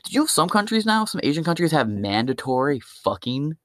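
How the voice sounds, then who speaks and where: A man's voice: on the high side, big pitch swings, brisk, a bit bright, no echo, studio quality. A man hosting his own podcast, ranting alone in a rambling, mocking and heavily profane way. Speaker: podcast host. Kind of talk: ranting solo podcast monologue.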